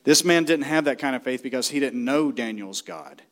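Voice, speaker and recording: A middle-aged man preaching a sermon, shouting and emphatic, acting out the people in the story. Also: medium pitch, expressive, normal speed. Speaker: pastor.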